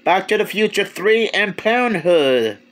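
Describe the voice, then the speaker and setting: A man with a notably high voice talks through a movie review in a casual, unscripted way. He stumbles, restarts phrases and chuckles as he goes. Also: animated. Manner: rambling, halting, many restarts, chuckles.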